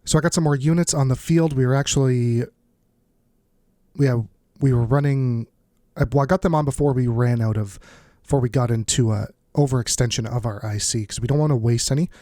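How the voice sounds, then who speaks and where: A man with a blocked nose chats his way through a strategy game, muttering asides as he works things out. His voice sits at an average pitch, recorded close and dry with no room around it. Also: a little fast, dark tone, dry recording. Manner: thinks aloud, muttering asides. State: stuffed-up nose. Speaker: let's play host. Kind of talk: casual strategy game commentary.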